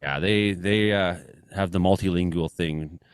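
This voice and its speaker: A man's voice: low-pitched, steady tone, unhurried, smooth, dry recording. A man hosting a radio show with an Ottawa Valley accent, joking and rambling as he wraps up. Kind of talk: casual show banter.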